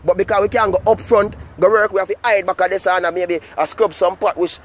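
A man's voice: sits high, fairly even intonation, fairly quick. A Jamaican man talking to his viewers in a casual, rambling vlog monologue full of "you know what I mean". He is recorded outdoors. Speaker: vlogger.

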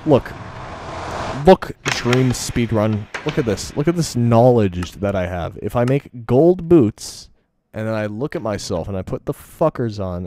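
A man's voice: mid-range voice, dark tone, slight background noise. A young man giving casual, profane, rambling commentary while playing a game, mocking himself as he goes. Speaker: gaming video host.

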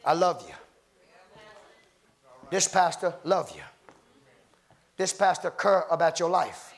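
A man preaching a sermon as pastor, rising into shouted, half-sung cadences and calling out to people in the congregation. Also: a little high, sing-song, takes it slowly. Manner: calls out to congregation members by name.

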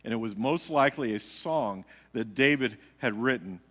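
Bright-voiced pastor in an echoing church. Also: male voice, mid-range voice, normal speed. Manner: animated, acts out quotes, laughs at own story. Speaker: pastor teaching a midweek Bible study. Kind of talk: casual storytelling sermon. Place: church sanctuary. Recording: hall reverb, live church recording.

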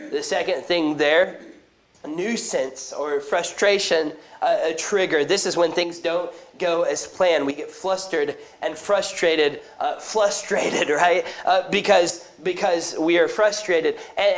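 Male pastor, slightly high voice, lively conversational sermon style, trips over his words. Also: low-quality recording. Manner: conversational, animated preaching with frequent restarts and asides. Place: church sanctuary.

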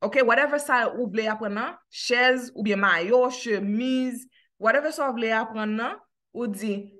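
Haitian woman teaching English slowly. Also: a little high, fairly bright tone. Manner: switches between Haitian Creole and English, slows down to model phrases. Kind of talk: online language lesson.

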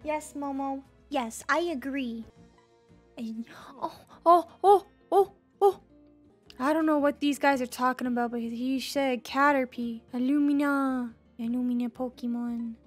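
A woman's voice: sits high, measured pace, soft background music. A young woman giving playful let's-play commentary, bubbly and jokey, squealing and gasping at cute moments. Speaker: gaming video creator.

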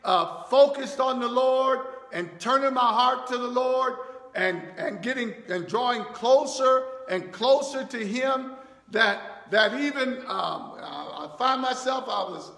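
High gravelly preacher guy, slow and bright, keeps restarting words and breaks into shouts, big echoey church hall. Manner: repetitive, stammering restarts, rising to shouts. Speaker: pastor. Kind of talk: sermon.

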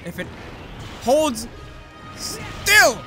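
Excitable foul-mouthed gamer man, high voice. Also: very slow. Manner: excitable, profane, yells at the game. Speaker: let's play gamer. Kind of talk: gameplay commentary. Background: game music.

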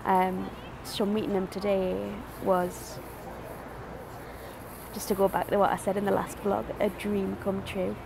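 A young woman vlogging to camera, excited and emotional, hesitant and full of fillers. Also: mid-range voice, unhurried, creaky, background noise. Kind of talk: casual vlog talk to camera. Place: convention arena and outdoors nearby.

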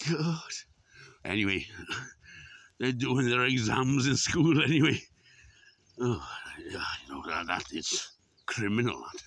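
A man's voice: mid-range voice, a bit bright, no echo. A man walking up a hill outdoors at dawn, chatting to the camera, exclaiming and swearing at the sheep around him. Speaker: vlogger. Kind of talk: casual running commentary while walking.

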